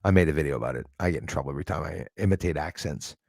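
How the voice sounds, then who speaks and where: A Canadian man hosts a casual live stream. He rants with fired-up opinions and laughs between remarks, and his voice has a gravelly, fry-edged texture. The sound is dry and close. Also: very deep voice, very fast, a little mellow, dry recording. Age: 40s. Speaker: livestream host. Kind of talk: casual live-stream chat reading viewer comments.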